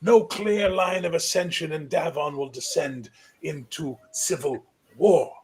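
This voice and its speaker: A man voicing a very old, frail high king who is gruff, blunt and impatient. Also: a little slow, a little mellow. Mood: grim. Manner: blunt, commanding, scolding.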